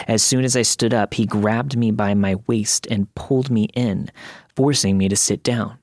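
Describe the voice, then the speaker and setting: Guy reading a creepy true story, lowish voice, steady pace, dry close mic. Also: dry recording. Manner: measured, steady storytelling delivery. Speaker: podcast narrator reading listener stories. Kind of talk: scripted first-person story narration.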